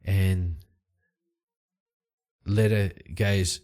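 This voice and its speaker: Slow, low-voiced man narrating a solo game. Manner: relaxed, rambling, with fillers. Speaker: solo tabletop game player and channel host. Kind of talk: casual solo RPG narration. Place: his study at home.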